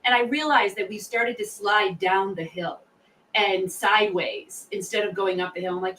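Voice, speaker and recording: A middle-aged woman, a guest on an interview podcast, telling stories in a lively, animated way and acting out what people said. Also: mid-range voice, moderate pace, distant mic, a little hiss or hum, poor audio. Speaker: guest, sales author and founder.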